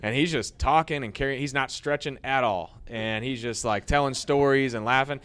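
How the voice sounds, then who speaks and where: A man, a former baseball pitcher, telling rambling anecdotes in a casual interview, growing lively as he retells old stories. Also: normal speed, clear, resonant tone.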